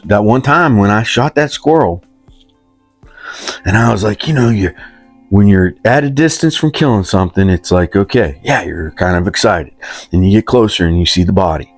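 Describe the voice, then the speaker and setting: A West Virginia man in his 50s tells a rambling, self-deprecating comic story in loose country talk. His voice sits low, with no echo.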